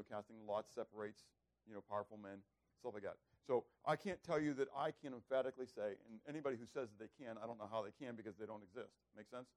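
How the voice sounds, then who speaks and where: A man preaching a bible lesson, asking rhetorical questions and acting out characters. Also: medium pitch. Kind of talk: bible teaching sermon.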